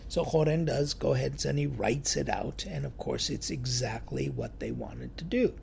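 A man telling a church story in a sermon, lively and acting out the quoted voices. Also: mid-range voice, moderate pace, gravelly, slight background noise. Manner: animated storyteller, acts out quotes.

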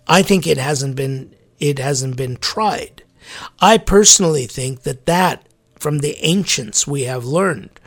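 A man, a church clergyman, giving a reflective sermon-like talk, musing aloud with animated emphasis and laughing at his own slips. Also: a little high, gravelly.

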